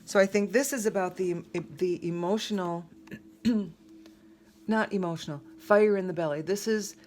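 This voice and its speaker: A woman's voice: lowish voice, unhurried, darkish tone, slight background noise. A woman giving a casual tarot reading, talking in a rambling, conversational way with lots of fillers and restarts. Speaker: tarot reader.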